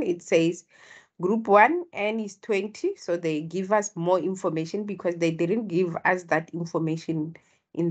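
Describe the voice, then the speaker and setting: Husky female stats tutor, low-pitched, slow and deliberate, prompting her class. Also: darkish tone. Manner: explains step by step, prompts students to respond. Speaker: statistics tutor. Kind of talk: online tutorial.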